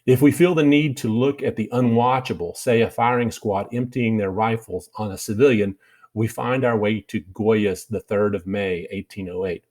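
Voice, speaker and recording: A man's voice: fairly low pitch, fairly even intonation, moderate pace, darkish tone. A man with a Kentucky drawl giving a casual art lesson over slides, rambling with many fillers and restarts. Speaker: art teacher.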